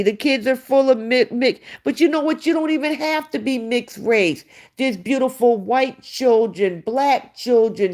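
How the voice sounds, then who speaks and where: Her voice leans high with a darkish tone as she hosts a livestream. She reads out viewer comments and responds bluntly and sarcastically in a casual way.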